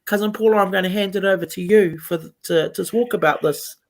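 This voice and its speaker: This New Zealand host from Taranaki has a mid-range, slightly mellow voice and talks a little fast. Effusive and sincere, she chats live on community radio, weaving Māori and English together.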